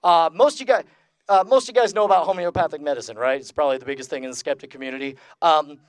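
A man with a fairly high voice gives a joking, high-energy lecture to a big convention crowd. He keeps quizzing the room and laughing along with the audience. His voice sounds close and dry, with little room sound. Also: fast talker, clear, resonant tone, dry recording. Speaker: lecturer at a skeptics convention panel. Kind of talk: comedic skeptic lecture to a live audience. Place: large convention room with about two hundred people.

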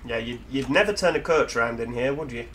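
A fast-talking man from Yorkshire, England, with a mid-pitched, slightly bright voice and lively intonation, hosts a gaming video. He plays a driving game with loose, jokey commentary full of self-mocking asides, over a faint background hiss.

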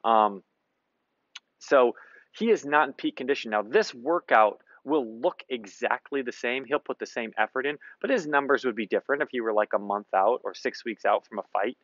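A man's voice: mid-range voice, lively intonation, moderate pace, a bit bright, dry recording. Male fitness coach, casual follow-along commentary, dry close sound, slightly muffled. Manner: loose and conversational, lots of fillers.

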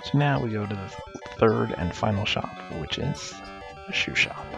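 A man's voice: fairly low pitch, animated, normal speed, creaky. A man giving casual commentary over an adventure game, jokingly paraphrasing the characters' dialogue. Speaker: let's play commentator. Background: game music.

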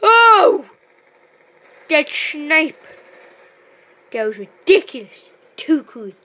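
A woman giving live commentary over her own gameplay, excitable and bursting into loud exclamations, recorded on a phone. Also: high voice, slow.

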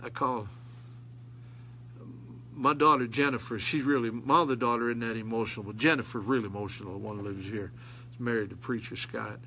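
A man's voice: medium pitch, steady tone, brisk, pushed and bright, slight background noise. An older man, preaching a sermon in a folksy manner that rises to emphatic calls. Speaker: pastor.

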